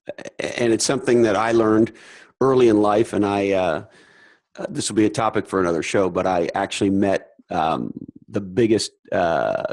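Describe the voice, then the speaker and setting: Low-voiced rambling man, dry close mic. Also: dry recording, poor audio. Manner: rambling, halting, swears casually. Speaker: podcast host. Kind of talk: casual storytelling chat.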